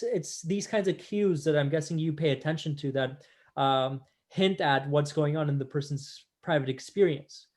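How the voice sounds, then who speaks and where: A man's voice: fairly high pitch, darkish tone. A man hosting a podcast interview, thoughtfully summarizing his guest's ideas at length. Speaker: podcast host. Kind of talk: conversational interview.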